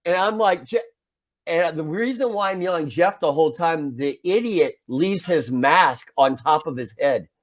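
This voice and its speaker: A man in his forties, a podcast co-host, tells a story casually and acts out its parts, yelling his own lines with animated flair. His voice sits on the high side and moves at a normal speed.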